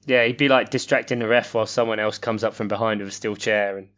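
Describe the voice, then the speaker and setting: A man's voice: lowish voice, steady tone, fast talker, a bit bright. A man hosting a casual, jokey chat and leading the questions. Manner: jokey, puts on voices. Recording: slightly dull lo-fi sound.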